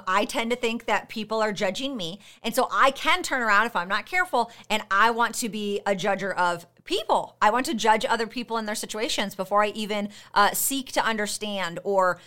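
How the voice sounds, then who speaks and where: Bright, direct woman coaching listeners. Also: mid-range voice, moderate pace, few pauses, clear, resonant tone. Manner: direct, conversational, addresses listener with rhetorical questions. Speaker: podcast host and coach. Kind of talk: motivational podcast monologue.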